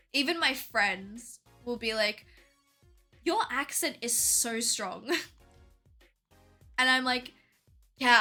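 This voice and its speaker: Bright-voiced Australian woman chatting on stream. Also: a little high. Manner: chatty, fills talk with "like", laughs often. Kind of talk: casual livestream chat.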